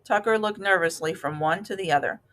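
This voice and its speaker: A woman narrating a children's novel aloud with a calm, steady reading. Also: medium pitch, brisk. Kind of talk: storybook read-aloud.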